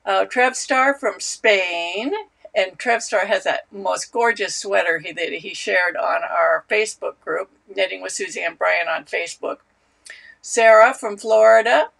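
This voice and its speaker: A woman's voice: medium pitch, vocal fry. A woman hosting a knitting live stream, chatting casually and greeting viewers by name. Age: older. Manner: warm, chatty, reads out viewer names.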